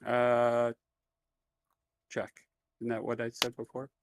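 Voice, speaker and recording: A man's voice: mid-range voice, completely flat delivery, takes it slowly, background noise. A man running a tabletop game as game master, describing the scene in a laid-back, easygoing way with plenty of fillers.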